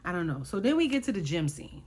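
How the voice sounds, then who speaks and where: A woman's voice: lowish voice, very animated, fast, darkish tone, a little hiss or hum. A woman recapping a reality show in casual chat, sassy and exasperated as she talks to her viewers.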